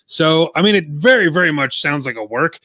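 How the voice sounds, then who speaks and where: A man hosting a wrestling podcast in casual chat, animated and quick to laugh. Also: a little high, dry recording. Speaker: podcast host.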